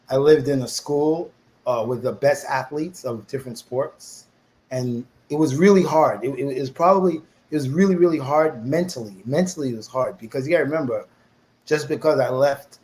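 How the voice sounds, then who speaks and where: On a poor recording with a little hiss or hum, a middle-aged New Yorker with a mid-range voice tells his life story as an interview guest. He's an animated storyteller who acts out the voices of the people he quotes.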